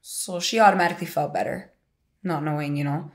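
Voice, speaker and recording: Twenties woman talking frankly about her own life, lots of vocal fry, kinda rambly. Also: deep voice, brisk. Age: 20s. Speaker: interviewee sharing a personal story. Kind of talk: candid personal storytelling.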